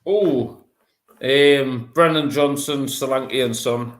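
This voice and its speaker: A man's voice: medium pitch, takes it slowly, reverberant. A man co-hosting a casual football chat, giving short, laid-back predictions and teasing. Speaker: co-host.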